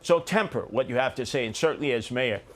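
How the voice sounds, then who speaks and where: A man's voice: mid-range voice, expressive, fast talker. A man, a mayoral candidate and longtime radio talker, speaking bluntly in short punchy phrases in a live TV studio debate.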